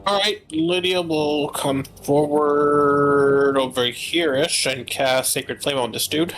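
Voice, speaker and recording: A man's voice: a little high, fairly even intonation, takes it slowly, fairly bright tone, faint music behind. A man player in a tabletop game, declaring his character's actions with wry, reluctant asides. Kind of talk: casual tabletop play.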